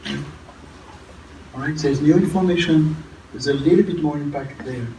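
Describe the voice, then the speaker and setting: A man coaching a group in a training room, animated and demonstrative in his delivery. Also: a little high, moderate pace. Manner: animated, exaggerates emotions in demonstrations. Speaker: leadership coach. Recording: echoey room from far off, noisy.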